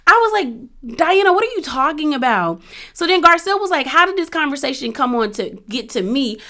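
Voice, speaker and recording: Sassy animated woman recapping. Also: on the high side. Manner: animated, sassy, acts out quotes. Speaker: reality TV recap host. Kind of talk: casual recap commentary.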